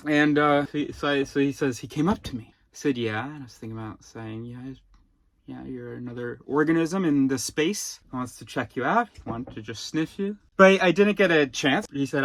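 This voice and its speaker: A man's voice: medium pitch, normal speed, a bit bright, dry recording. A man thinking aloud in a rambling personal vlog, often restarting his sentences and wandering into asides. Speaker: vlogger.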